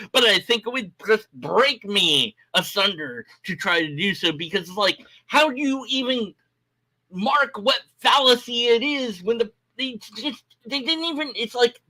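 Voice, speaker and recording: A man's voice: sits high, sharp tone. A man on a live stream, ranting in a casual, rambling way, exasperated and mocking. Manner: exasperated, restless, mocking with blah-blah mimicry.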